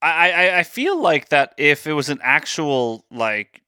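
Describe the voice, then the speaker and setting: A man with a bright, forceful, mid-pitched voice trades quick banter as a podcast co-host. He jokes and takes guesses at quiz questions in a casual way. The recording is dry and close. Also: big pitch swings, clean tone, dry recording. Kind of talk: casual chat.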